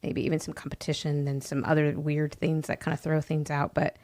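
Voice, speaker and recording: A woman's voice: sits low, flat delivery, a little fast, darkish tone. A woman hosting a business podcast, supportive and affirming, wrapping up with thanks and a sign-off. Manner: affirming, supportive, frequent "yeah" and "mm". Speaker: podcast host.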